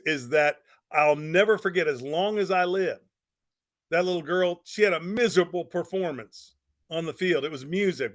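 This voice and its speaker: A man's voice: a little high, a bit bright. A middle-aged man telling a motivational story in a folksy, emphatic way, with lots of repetition. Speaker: speaker on network marketing.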